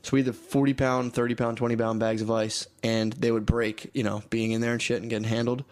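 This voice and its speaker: A man's voice: mid-range voice, little pitch movement, fast. A man co-hosting a comedy podcast, telling rambling stories with lots of swearing and laughter. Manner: rambling storytelling, heavy swearing, laughs often. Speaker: podcast co-host. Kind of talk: casual comedic chat.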